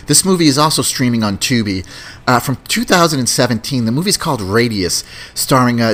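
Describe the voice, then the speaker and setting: Brief: male podcast host, casual movie review chat, rambling, mid pitch. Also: a bit bright. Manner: rambling, repeats words.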